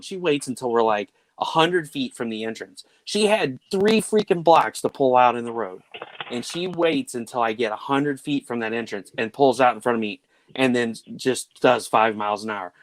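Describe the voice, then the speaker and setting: A man's voice: medium pitch, dry recording. A man hosting a casual chat, telling family stories and acting out the quotes. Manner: animated storyteller who acts out quotes. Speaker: host.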